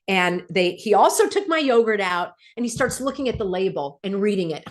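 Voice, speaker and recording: A middle-aged woman hosting her own vlog, indignant and sarcastic. Her voice jumps between loud, high outbursts and low, muttered asides. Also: lively intonation, moderate pace, hardly any pauses. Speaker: channel host. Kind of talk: animated opinion vlog.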